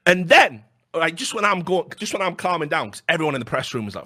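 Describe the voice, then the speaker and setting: Fast, brash, profane man. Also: fairly high pitch, no echo, clean studio sound. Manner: brash, profane and animated, acts out quotes. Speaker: podcast co-host. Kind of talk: casual storytelling chat.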